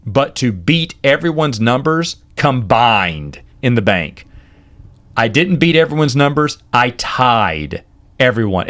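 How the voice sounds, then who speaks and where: A man in his forties spins personal stories in a casual podcast chat. His voice is mid-pitched and rises and falls a great deal as he acts out the people he quotes. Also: fairly bright tone. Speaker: podcast host. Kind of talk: casual storytelling.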